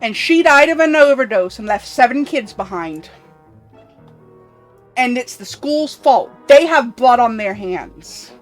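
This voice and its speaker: A woman voicing a bitter, resentful former school outcast who speaks in a loud, accusing way. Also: on the high side, expressive, measured pace, soft background music. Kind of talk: voicing game dialogue.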